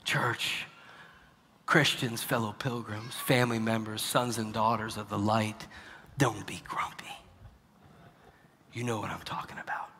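A male pastor preaching a sermon, dropping to hushed, near-whispered lines and then rising to loud, emphatic preaching. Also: fairly low pitch, level tone, unhurried, pauses often, big-room sound, slight background noise.

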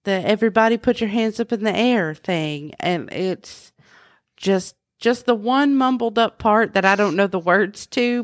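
A woman in her thirties co-hosts a podcast in easy, rambling chat. Her voice sits a little low and sounds dry and close. She laughs often and restarts her sentences as she goes. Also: no room sound. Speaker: podcast co-host. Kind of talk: casual chat.

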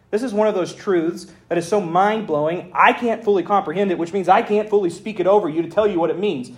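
A man preaching a sermon as pastor, reading scripture aloud in an animated way with folksy asides. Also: high-pitched.

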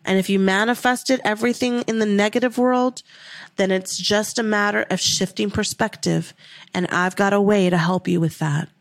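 A woman hosts a manifestation podcast as a manifestation coach, giving motivational talk in a medium-pitched, steady voice at a moderate pace with no room sound. She speaks in an emphatic, repetitive, heartfelt way and swears casually.

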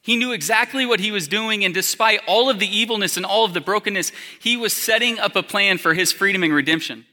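A man in his thirties delivers a sermon from a church hall, his voice pitched high and very bright. He preaches in a loose, storytelling way, packed with fillers. Long reverb trails every phrase. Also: fast, hardly any pauses. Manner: conversational storytelling with many fillers. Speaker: pastor.

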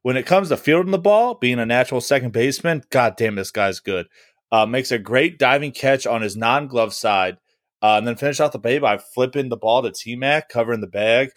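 A man recaps his team's games on a fan podcast in an easygoing, rambling way. He swears freely and fills pauses with "uh" and "like". The sound is dry and close. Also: medium pitch, no echo. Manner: loose and profane, many fillers. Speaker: podcast co-host. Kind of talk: casual sports podcast chat.

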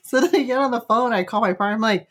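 A woman's voice: fairly high pitch, fast talker. A woman telling a personal story in casual chat, peppering her lines with "right?" and "like", and laughing as she goes. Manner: chatty, tags lines with "right?" and "like". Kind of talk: casual anecdote.

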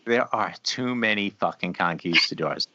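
A man's voice: deep voice, moderate pace, background noise. A man co-hosting a casual chat, swearing freely and rambling through his thoughts, often stopping to restart. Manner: profane, rambling, trails off and restarts. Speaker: podcast co-host. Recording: slightly dull lo-fi sound.

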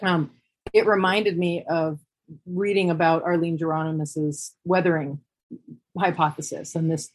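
A woman on a podcast panel, talking things through in a thoughtful, candid way, often pausing and restarting her sentences. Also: on the low side, steady tone, poor audio. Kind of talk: reflective panel discussion.

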